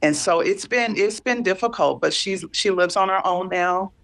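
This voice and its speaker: A woman in her fifties talking candidly and earnestly about caring for a parent, halting and repeating herself as she searches for words. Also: medium pitch, a bit bright. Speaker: guest sharing caregiving story. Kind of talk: candid emotional conversation.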